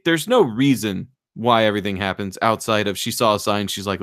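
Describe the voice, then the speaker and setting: A man with a fairly low voice chats loosely as a podcast host, retelling a strange movie scene by scene. He rambles with fillers and slips into short voices for the characters. The sound is dry and close. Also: normal speed, no echo. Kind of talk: casual chat, retelling a movie plot.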